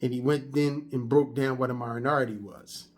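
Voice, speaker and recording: A man's voice: medium pitch, steady tone, normal speed. A man in his fifties giving a casual motivational monologue, telling stories in a conversational way with frequent restarts. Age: 50s. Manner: conversational storytelling, repetitive restarts. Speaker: vlogger.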